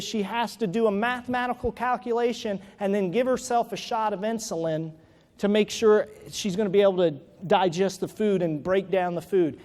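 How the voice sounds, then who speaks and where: A man's voice: high-pitched, a little mellow. Guy doing a keynote talk, storytelling then really driving it home, long hall echo. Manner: storytelling, building to emphatic exhortation. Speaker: motivational speaker. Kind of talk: keynote speech. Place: large hall with audience. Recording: reverberant hall.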